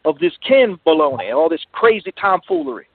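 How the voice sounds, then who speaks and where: A man's voice: a little high, very animated, fairly quick, slightly rough. A man calling in to a comedy show, rambling and calling everyone brother. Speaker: caller. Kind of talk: phone-in comedy chat. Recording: dry tinny phone line.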